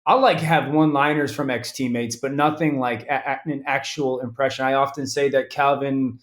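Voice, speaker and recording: A man in his thirties, a football analyst as guest, talking in a lively casual way with frequent restarts. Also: medium pitch, moderate pace, reverberant. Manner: animated, restarts often. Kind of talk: casual interview talk.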